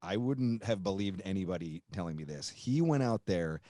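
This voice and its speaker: Profane, animated man telling road stories. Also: low voice, normal speed, dry recording. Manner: profane, animated, acts out quoted voices. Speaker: podcast host and guitarist. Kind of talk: casual storytelling.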